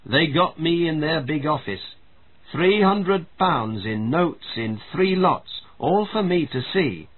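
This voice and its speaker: A man's voice: on the high side, expressive, slow, breathy edge, voice pushed up, exaggerated voice. A man putting on a firm old woman. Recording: tinny phone-like audio.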